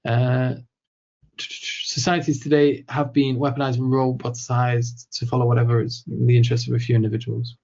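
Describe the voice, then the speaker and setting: A man fields questions from a live audience, reasoning out loud with frequent fillers and false starts. His voice is warm and mellow, sitting at an ordinary middle pitch. The sound is slightly dull, like a modest streaming mic. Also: little pitch movement, normal speed, gravelly. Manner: thinking aloud, many fillers and restarts; acts out quoted dialogue. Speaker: host answering audience questions. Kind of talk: live Q&A talk.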